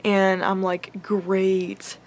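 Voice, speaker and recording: A young woman tells an upsetting story straight to her vlog audience. She talks in a loose, rambling way, leaning on "like" and swearing freely. Her voice sits in a middle pitch. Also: monotone, drawn-out words. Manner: rambling, heavy use of "like" and swearing; emotional, upset retelling. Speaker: vlogger. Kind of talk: casual storytelling.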